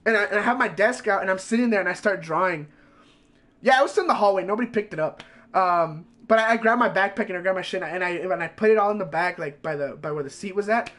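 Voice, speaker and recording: A man streamer telling a story in a casual, animated way, swearing constantly and packing his lines with fillers. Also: high-pitched, quick pace.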